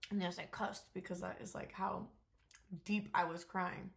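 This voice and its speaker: A woman's voice: on the low side, little pitch movement, moderate pace, vocal fry. A young woman giving a casual, unscripted vlog update, talking candidly with lots of fillers and the odd swear word. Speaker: vlogger.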